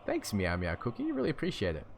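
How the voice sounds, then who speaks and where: A man's voice: fairly low pitch, wildly swooping pitch, quick pace, vocal fry, a little hiss or hum. A young Australian man with an Australian accent, casually chatting and chuckling as he answers stream chat. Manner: chatty and laid-back, chuckling often.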